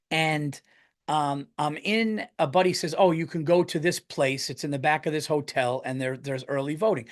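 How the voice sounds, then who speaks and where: Animated, swearing man telling a story. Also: on the high side. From United States. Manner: rambling, animated, swears a lot, restarts sentences. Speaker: podcast host and comedian. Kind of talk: casual storytelling monologue.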